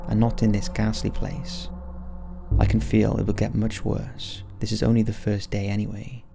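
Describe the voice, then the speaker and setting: Narrator, male: low, flat, gravelly voice with a dark tone, reading letters gravely and slowly over soft music. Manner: slow, grave, measured delivery. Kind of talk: solemn scripted narration.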